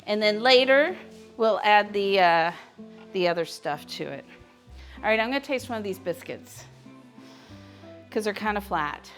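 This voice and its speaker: A woman's voice: medium pitch, lively intonation, measured pace, pauses often, faint music behind. A woman hosting a live cooking demonstration from her kitchen, chatting with her viewers as she cooks. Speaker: cooking show host. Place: home kitchen.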